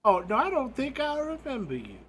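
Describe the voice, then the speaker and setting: A man's voice: extremely high pitch, wildly swooping pitch, fairly quick, a bit bright, a little hiss or hum, pitched above the performer's own voice, heavily acted. A man voicing an elderly female ghost, fussy and forgetful, in a tabletop game.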